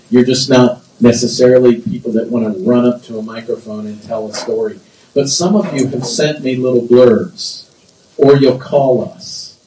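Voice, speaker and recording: A man's voice: medium pitch, warm tone, slight background noise. A man preaching a sermon as pastor, emphatic, repeating phrases and drawing responses from the congregation. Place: church sanctuary. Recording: roomy church echo, distant mic.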